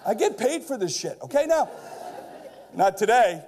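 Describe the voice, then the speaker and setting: Middle-aged man with a very high voice, brash stage speaker who builds to shouted punchlines. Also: big pitch swings, moderate pace, noisy background. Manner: keeps checking in with the crowd with "okay?". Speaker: keynote speaker. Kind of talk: energetic stage keynote. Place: large lecture hall before a live audience.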